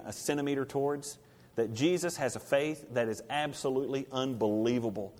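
A man preaching a sermon, swinging from hushed to loud, rising passages and asking the congregation rhetorical questions. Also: mid-range voice. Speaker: pastor. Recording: reverberant hall.

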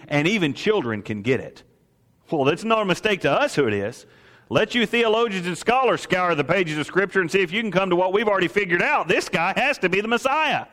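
A man preaching a sermon, swinging from soaring exclamations to hushed asides and acting out the voices of the people in his story. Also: sits high, long reverb tail. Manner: acts out voices of priests and merchants. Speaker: pastor.

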